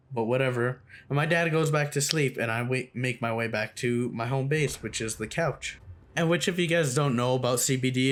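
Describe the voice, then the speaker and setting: A man's voice: medium pitch, fairly bright tone. A young man telling a casual storytime vlog, slangy and swearing freely. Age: young adult. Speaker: storytime YouTuber.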